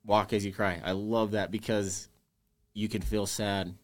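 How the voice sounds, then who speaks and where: A man with a low-ish, fairly flat voice speaks unhurriedly as a guest in a candid podcast interview. He talks earnestly and emotionally, opening up about grief, loss, and carrying on.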